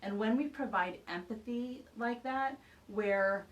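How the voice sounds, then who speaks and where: A woman parenting expert explaining ideas through a lively personal anecdote in casual conversation. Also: a little high, takes it slowly, far from the mic, poor audio. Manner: animated storyteller, acts out quoted dialogue. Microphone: video call.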